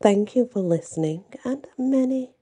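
A woman storyteller narrating a folklore tale in a slow, gentle, calm way. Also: on the high side, breathy edge.

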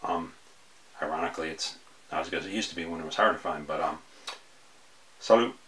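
A man with a very low voice talks through his film picks in a loose, casual way. He rambles, restarts sentences and fills pauses with ums as he goes. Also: steady tone, sharp tone. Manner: rambling, hesitant, many fillers and restarts. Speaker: horror film reviewer. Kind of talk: casual video review.

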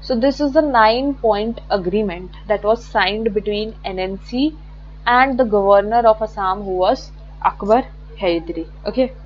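A woman's voice: mid-range voice, normal speed, dull audio, a little hiss or hum. Chatty woman teacher. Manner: chatty, self-correcting, repeats words. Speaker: exam prep teacher. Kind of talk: online lecture with slides.

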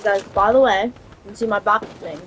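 A woman giving casual, slangy gameplay commentary as a streamer, swearing and reacting loudly to the game. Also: medium pitch, a little fast, a little hiss or hum. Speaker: gaming streamer. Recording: loud game gunfire behind the voice. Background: game gunfire and shooting sounds.

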